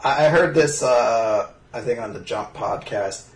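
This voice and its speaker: A man's voice: mid-range voice, measured pace, hardly any pauses, reverberant, rough recording. A man casually chatting about an anime as a podcast co-host, joking and swearing, and sometimes trailing off while he thinks something through.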